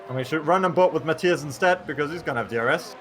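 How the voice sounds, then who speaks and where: A man co-commentating a sim race with a slightly high voice, dry and teasing in tone. There is faint noise behind him. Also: racing, fairly bright tone. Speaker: sim racing caster.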